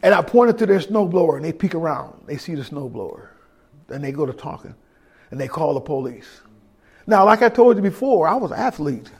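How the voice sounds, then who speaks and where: A middle-aged man giving his testimony as a sermon, telling a story and acting out the voices of others, swinging between hushed and loud. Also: fairly high pitch, big pitch swings, brisk, husky.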